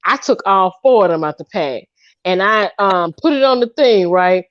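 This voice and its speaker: A woman in her fifties telling a funny story in casual chat, animated and laughing as she acts out what people said. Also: medium pitch, normal speed, no room sound, muffled recording. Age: 50s.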